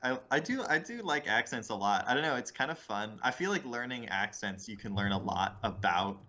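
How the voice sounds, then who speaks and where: A man's voice: on the low side, lively intonation, a little fast, pushed and bright, lo-fi sound. A man from Oregon, a comedian guest, chatting in a rambling, joking way on a podcast. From Salem, Oregon, USA. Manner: chatty, rambling, laughs into jokes. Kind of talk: casual podcast banter.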